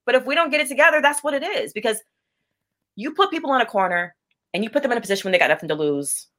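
A woman's voice: fairly high pitch, lively intonation, rapid-fire, fairly bright tone. A young adult woman as an interview guest, speaking candidly with blunt intensity and frequent restarts. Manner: impassioned, blunt, repeats words when starting sentences. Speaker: interview guest, business owner.

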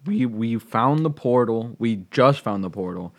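Young man, mid-pitched voice, laid-back slangy co-host. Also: animated, a little slow. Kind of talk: casual chat.

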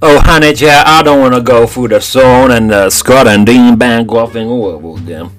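A man's voice: medium pitch, normal speed, faint music behind, lightly acted. A man voicing a sassy female TV court judge in a comedic audio drama. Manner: sassy, calls everyone honey child.

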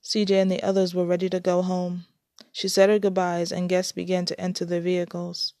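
A woman reads her story aloud plainly and without hurry, occasionally stumbling and starting a phrase over. Her fairly low voice is monotone with a dark tone. The recording is close and dry, with no room sound or echo.

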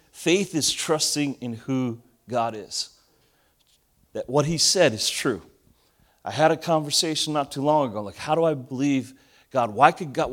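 A man in his forties from Argentina, a pastor preaching a sermon with funny stories and jokes with the audience. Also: mid-range voice. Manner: animated storyteller, jokes with the audience.

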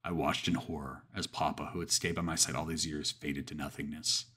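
Male horror storyteller, deep husky voice, earnest and deliberate. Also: level tone, bright, forceful tone. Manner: earnest, measured, with pauses and restarts. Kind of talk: horror story narration and reflective commentary.

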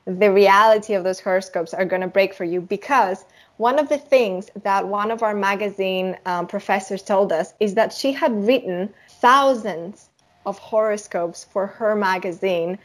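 A woman's voice: mid-range voice, moderate pace. Young woman podcast cohost, chatty, explains stuff, lots of "you know". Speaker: podcast co-host. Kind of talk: casual chat.

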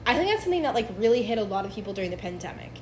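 A woman's voice: medium pitch, big pitch swings, rapid-fire, a little mellow, slight background noise, low-quality recording. A young woman guest on a podcast, earnestly explaining her views in casual chat with fillers.

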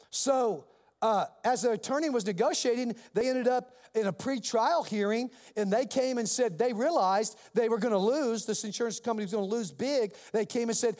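A man preaching as a pastor, telling a story in an animated way and acting out the other people's voices. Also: very high-pitched, moderate pace, in a large hall. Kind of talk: sermon storytelling.

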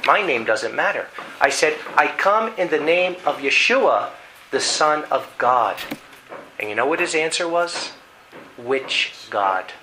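A man preaching a sermon, telling a dramatic story in an animated way and reading scripture aloud. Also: on the high side, unhurried, a little hiss or hum, poor audio. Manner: animated storytelling, acting out voices.

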